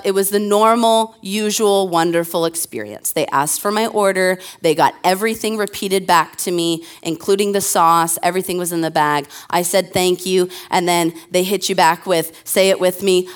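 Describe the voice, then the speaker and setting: A young woman pastor preaching from a church stage, talking casually into a handheld mic. She tells funny everyday stories in a loose, chatty way, full of fillers and asides, before easing into scripture. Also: lowish voice. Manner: chatty, self-deprecating storytelling with fillers. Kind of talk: conversational sermon.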